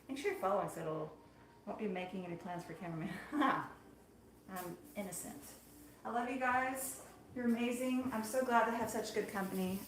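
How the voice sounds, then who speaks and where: A woman's voice: medium pitch, noisy background. A woman hosts a casual live stream from a small studio kitchen, talking straight to her viewers. Her manner is chatty and playful, and she laughs easily. The room has a noticeable echo. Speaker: marshmallow maker hosting a live stream. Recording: echoey room.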